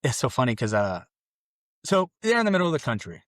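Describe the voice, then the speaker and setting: His pitch swings hugely and he talks quickly as this Mexican podcast guest relates his conversion in conversation, recorded in clean studio sound without echo. The story is rambling and heartfelt with many restarts, and he performs his earlier exclamations in a louder, higher voice.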